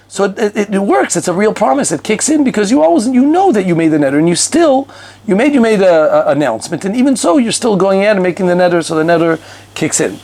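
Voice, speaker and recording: A man teaching a conversational halacha lesson, animated and talkative, mixing Hebrew and Yiddish terms into his English. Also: high-pitched. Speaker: Torah teacher.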